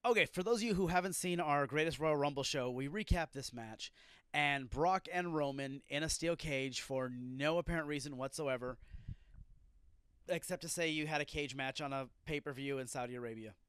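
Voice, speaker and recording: A podcast host reviews a wrestling show on his own, ranting and swearing through irritated, profane outbursts as he reacts. His voice is a little high and a bit bright, with a clear, resonant tone, and he talks at a normal speed.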